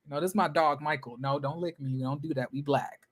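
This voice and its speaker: A man vlogging reaction commentary in a sassy, slangy way, swinging between loud outbursts and muttered asides. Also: a little high, steady tone, fast talker.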